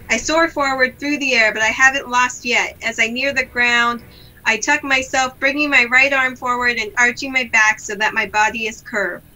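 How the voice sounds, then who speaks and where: A young woman reading a story game aloud, expressive and giggly, chatting with a friend over an online call. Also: fairly high pitch, poor audio. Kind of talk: reading game text with casual chat. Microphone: online call setup.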